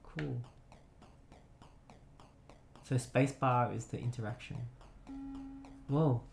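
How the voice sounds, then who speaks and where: A man's voice: mid-range voice, slow pace, gravelly, a little hiss or hum. A man casually commentating a retro game he remembers, reading its text aloud. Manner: chatty, nostalgic, reads on-screen text aloud. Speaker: let's play gamer. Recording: roomy echo.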